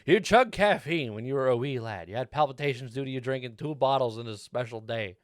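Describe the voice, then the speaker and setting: A man's voice: medium pitch, a little fast, no echo, studio quality. A man streaming a video game and chatting casually with viewers, rambling and laughing often into a desk mic. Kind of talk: casual gameplay chat.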